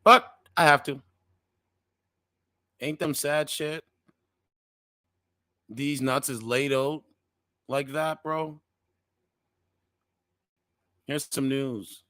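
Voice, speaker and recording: Guy w a kinda high voice reading news out loud, slangy asides, keeps saying he's not making it up, dry no-echo sound. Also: fairly even intonation, drawn-out words, pauses often. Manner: reads articles aloud with slangy asides, stumbling over words; repeats defensive disclaimers. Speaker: commentary channel host. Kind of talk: casual news commentary.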